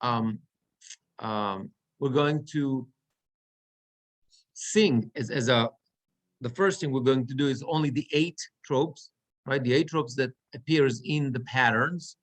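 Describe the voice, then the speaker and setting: A middle-aged man, a cantor, teaching Torah reading in an online class over a video call, slow and halting with frequent restarts. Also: mid-range voice.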